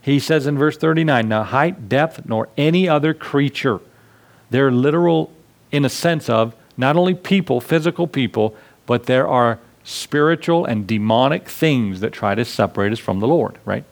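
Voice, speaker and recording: A man's voice: mid-range voice, moderate pace, creaky. A man preaching a sermon to his congregation in a conversational way, acting out little scenes with asides. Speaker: pastor.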